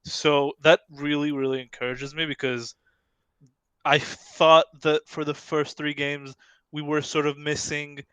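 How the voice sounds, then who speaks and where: A man calling into a fan stream to share his match verdict with keen, opinionated enthusiasm. His voice is smooth and clear, recorded dry and close. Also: on the high side, flat delivery, measured pace, fairly bright tone, dry recording. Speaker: guest fan. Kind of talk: casual match analysis.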